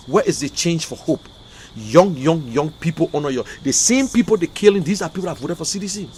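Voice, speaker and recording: Fiery Liberian man, high voice. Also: very animated, moderate pace, darkish tone, slight background noise. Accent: Liberian English. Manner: emotional, fiery, repetitive outbursts. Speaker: online talk show host. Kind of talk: impassioned livestream commentary.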